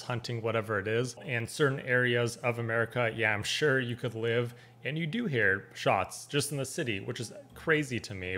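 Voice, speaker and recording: A young man talking through a reaction video in a relaxed, rambling way. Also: medium pitch. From California. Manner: easygoing, rambling, repeats words. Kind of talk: casual commentary.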